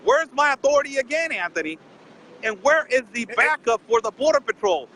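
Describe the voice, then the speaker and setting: A man's voice: extremely high pitch, expressive, a little fast, sharp tone, slight background noise, low-quality recording. A man calling in to a casual live-stream conversation, indignant and firing off rhetorical questions at the host. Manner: indignant, fires rhetorical questions, keeps addressing the host by name. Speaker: border correspondent calling in.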